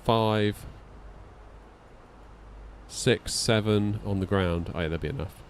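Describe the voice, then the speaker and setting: Male streamer, low-pitched, easygoing live chat over a flight sim. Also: slow pace, a little hiss or hum. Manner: chatty, thinks aloud and answers his chat. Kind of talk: casual live-stream chat while flying.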